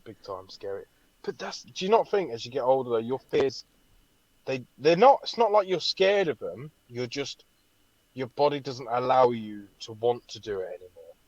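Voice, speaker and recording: A man co-hosting a podcast, telling a story in an animated way and swearing freely. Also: medium pitch, moderate pace, dry recording, dull audio. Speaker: podcast co-host. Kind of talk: casual chat.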